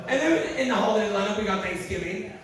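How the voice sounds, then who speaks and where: A man's voice: high-pitched, quick pace, crowd noise. A man performing a stand-up comedy set, telling profane stories and acting out the quotes with lots of energy. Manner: profane, animated storytelling with acted-out quotes. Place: live comedy venue. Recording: very echoey, distant, noisy live room.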